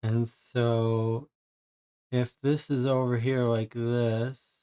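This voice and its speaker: A man's voice: mid-range voice, flat delivery, drawn-out words, warm tone, clean tone. A man streaming a puzzle game, thinking aloud and muttering in frustration as he works through it.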